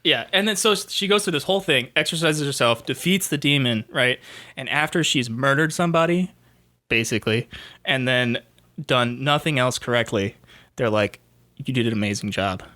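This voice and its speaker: A man's voice: medium pitch, normal speed, bright, forceful tone. A young man co-hosting a podcast, chatting casually about a movie, rambling, swearing and acting out lines in silly voices. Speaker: podcast co-host. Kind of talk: casual movie review chat.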